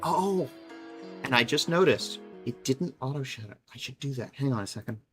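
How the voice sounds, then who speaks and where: A woman's voice: rumbling low, expressive, normal speed, soft background music. A woman casually chatting and thinking aloud while she plays a game on a live stream, sometimes mocking herself. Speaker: livestreamer.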